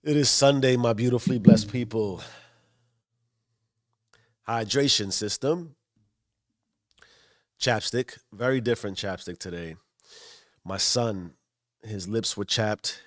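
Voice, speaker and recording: A man's voice: fairly low pitch, takes it slowly, long pauses, no room sound, clean studio sound. A man in his forties from the South Bronx, musing aloud in an early-morning self-improvement vlog and calling his viewers his beautiful people. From South Bronx, New York. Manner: musing, repeats phrases, addresses viewers warmly. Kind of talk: early-morning reflective monologue.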